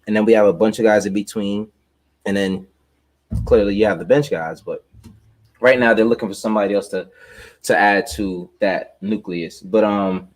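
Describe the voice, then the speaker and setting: A man with a fairly low voice hosts a sports podcast in a relaxed, rambling way. He leans on fillers and talks loosely over a remote call. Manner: laid-back, loose, with many fillers and laughs. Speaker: podcast host. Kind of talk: casual sports chat.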